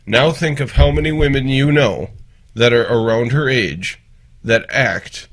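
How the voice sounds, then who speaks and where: A man hosting a podcast in casual conversation, ranting bluntly and swearing freely. His voice sits at an ordinary middle pitch. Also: a little slow, a bit bright. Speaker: podcast host. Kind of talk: casual chat.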